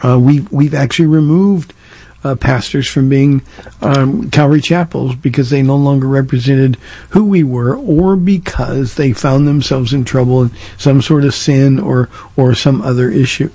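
Mellow, husky-voiced man pastor. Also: mid-range voice, fairly even intonation, moderate pace, no echo. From Southern California. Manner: earnest, conversational, frequent restarts and fillers. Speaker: pastor hosting a call-in radio show. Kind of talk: call-in Q&A talk.

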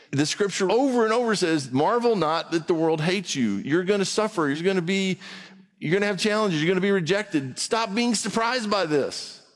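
A man preaching a sermon to a congregation in a conversational style, with quick rhetorical asides. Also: high voice, long reverb tail. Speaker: pastor.

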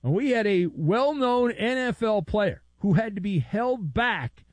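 A middle-aged man hosting a sports talk radio show, delivering a sarcastic, mocking monologue that swings between loud outbursts and low mutters. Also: lively intonation, unhurried, no echo.

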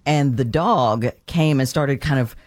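A man's voice: medium pitch, a little slow, dry recording. A man hosting a talk show, chatting with a guest and telling anecdotes, laughing often. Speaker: host. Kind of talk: casual interview.

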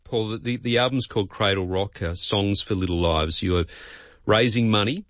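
Heartfelt radio host. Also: male voice, on the low side, moderate pace, fairly bright tone, no echo, lo-fi sound. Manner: heartfelt, stumbling, repeating words. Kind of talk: radio interview.

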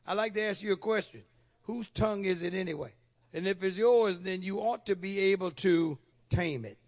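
A man's voice: high-pitched, moderate pace. A middle-aged male pastor preaching a sermon in church, with repeated call-and-response questions to the congregation.

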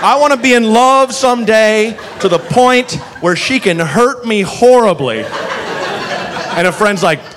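Animated high-voiced comedian. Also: male voice, unhurried, a crowd in the background. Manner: animated, profane, swings between voices. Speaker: stand-up comedian. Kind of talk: stand-up storytelling. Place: comedy club stage.

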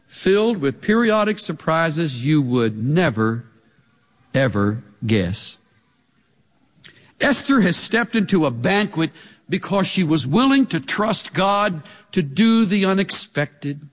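A man preaching a sermon, animated, with pointed rhetorical questions. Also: sits high. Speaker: pastor. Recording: long hall reverb.

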